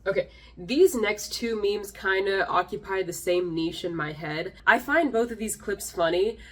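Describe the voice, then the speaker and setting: A woman's voice: mid-range voice, a little slow, a bit bright, slight background noise. A woman hosting a comedic commentary video with a wry, sarcastic delivery. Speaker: host.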